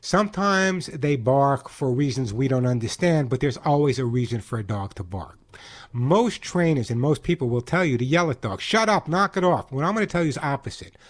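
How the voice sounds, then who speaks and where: A man hosting a call-in pet radio show, giving emphatic advice with quick jokes. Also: mid-range voice, expressive.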